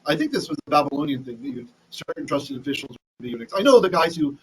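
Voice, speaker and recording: A man's voice: a little high, sing-song, fast talker, background noise. A man teaching a casual Bible lesson, chatty, often restarting and asking "right?", reading Hebrew with an Ashkenazi accent. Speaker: Torah teacher.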